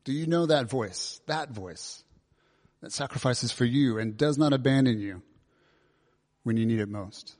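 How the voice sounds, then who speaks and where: A man gives a sermon in a relaxed, conversational manner. He leans on questions to the congregation, and his voice carries a long reverb from the large hall around him. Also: medium pitch, a little slow, long pauses. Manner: conversational, asks many questions. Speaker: preacher.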